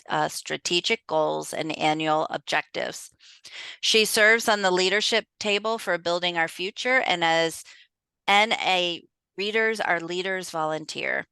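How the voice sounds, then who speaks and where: A woman host with an Upper Midwest American accent, speaking in a lowish, gravelly voice with a bright, crisp edge. She reads a speaker's introduction in a hurried, slightly flustered way. Her voice is recorded close and dry. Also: dry recording. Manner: hurried and apologetic, reading quickly. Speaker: event host.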